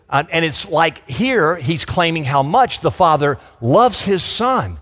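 A man preaching a sermon as pastor, fervent, his delivery swinging between loud emphasis and soft, intimate asides. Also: sits high. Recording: long hall reverb.

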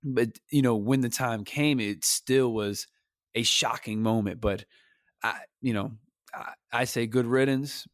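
A man's voice: mid-range voice, unhurried, no room sound, studio quality. Heated, slangy man podcast co-host. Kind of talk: casual podcast chat.

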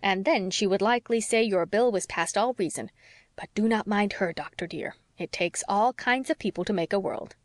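A woman reading the part of a fussy, devoted older housekeeper, prim and hushed in a lower voice. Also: moderate pace, no room sound, natural voice. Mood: fussing. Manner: prim, fussing, low and hushed.

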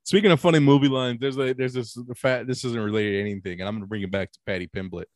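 A man's voice: mid-range voice, fairly even intonation, fast talker, no room sound, studio quality. A man in casual podcast chat, telling rambling, profane stories with many restarts. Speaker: podcast co-host.

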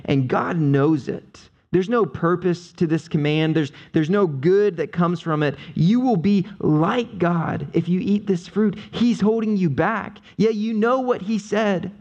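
A man's voice: high voice, vocal fry, a little mellow, dull audio, pitched above the performer's own voice. A man voicing a sly, coaxing serpent. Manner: coaxing, insistent. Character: sly tempting male serpent.

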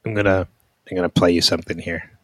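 A man's voice: sits low, little pitch movement, fast, fairly bright tone, no room sound. A man co-hosting a podcast, talking emphatically and arguing his points about movies. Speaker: podcast co-host. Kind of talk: casual chat.

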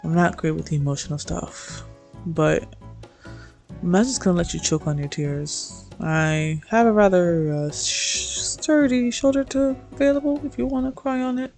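A woman voicing a scruffy, stern man who is gruff but gentle, speaking in plain, low reassurance in a fanfic reading. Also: steady tone, normal speed, soft background music.

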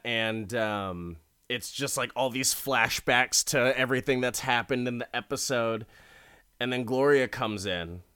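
Slow, rambling man recapping a show. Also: lowish voice, sharp tone, smooth, no room sound, clean studio sound. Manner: rambling and wry, heavy with fillers.

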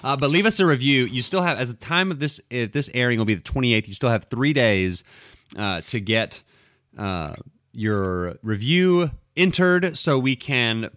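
A man with a medium-pitched, fairly bright voice speaks animatedly at normal speed. He's a podcast co-host in casual chat, rambling with plenty of fillers and restarts, recorded dry and at studio quality.

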